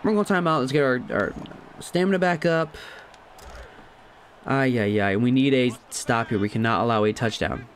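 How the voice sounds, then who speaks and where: A man giving casual let's-play commentary on a football video game, chatty and thinking aloud, laughing at himself and jumping to loud shouts at big plays. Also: medium pitch, moderate pace, long pauses, slight background noise. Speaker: gaming commentator.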